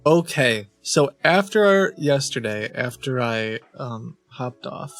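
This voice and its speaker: A man's voice: mid-range voice, expressive, takes it slowly, soft background music. A man hosting a stream, chatting casually and telling an amused story. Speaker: streamer host.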